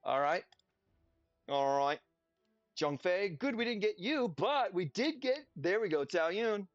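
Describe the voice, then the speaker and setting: A man's voice: a little high, lively intonation, moderate pace, no room sound. A man giving casual, chatty gameplay commentary, sarcastic and slipping into playful silly voices. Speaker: game streamer. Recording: dull lo-fi audio with music. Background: faint background music.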